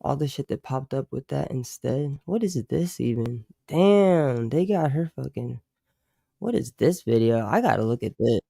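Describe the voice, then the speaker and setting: A man's voice: medium pitch, lively intonation, normal speed, gravelly, dark tone, dry recording, studio quality. A man hosting a casual livestream chat, talking loosely with lots of fillers, swearing and chuckles. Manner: loose slangy talk, many "like" fillers, swearing; chuckles often between remarks. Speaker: livestream host.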